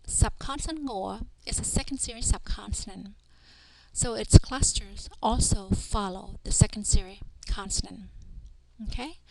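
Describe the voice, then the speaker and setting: A woman teaching a reading lesson, sounding out syllables one by one in a slow, deliberate way. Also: mid-range voice, gravelly, very noisy. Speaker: language teacher.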